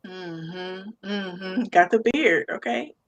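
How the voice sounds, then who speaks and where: A woman's voice: on the low side, extremely slow. A young adult woman co-hosting a casual chat, playful and slangy, with big laughs. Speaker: podcast co-host. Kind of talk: casual banter.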